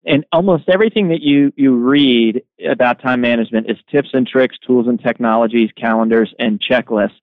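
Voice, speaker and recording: A man's voice: mid-range voice, moderate pace, few pauses, dry recording. A man, an author and guest, explaining his ideas in an interview and telling stories with energy, often repeating words as he starts. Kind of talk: interview answers. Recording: phone-like remote line.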